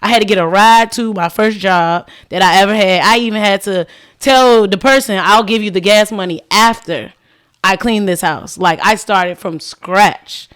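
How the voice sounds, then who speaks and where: A woman's voice: mid-range voice, moderate pace, clean tone. A woman guest on a casual podcast, telling her story with animation, acting out what people said and using lots of "like". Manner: animated, acts out quoted dialogue, frequent "like". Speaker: podcast guest, cleaning business owner.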